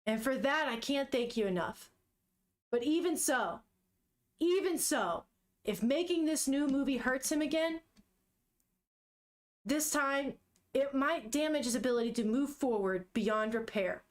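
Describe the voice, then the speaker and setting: A woman voicing a stern, protective middle-aged father, speaking gravely and pleading. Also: high voice, measured pace, long pauses. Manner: grave, pleading, grows forceful.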